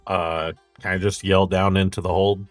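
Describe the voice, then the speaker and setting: A man plays a tabletop game, chatting casually and earnestly in character. His voice sits low, recorded dry and close. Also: little pitch movement, moderate pace, dry recording, soft background music. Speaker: player. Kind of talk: casual tabletop role-play.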